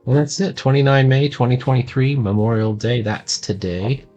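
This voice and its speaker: A man's voice: medium pitch, fairly even intonation, normal speed, a little mellow, highs cut off, faint music behind. A man casually touring his own sketchbook as a cartoonist, rambling and self-deprecating, with lots of ums.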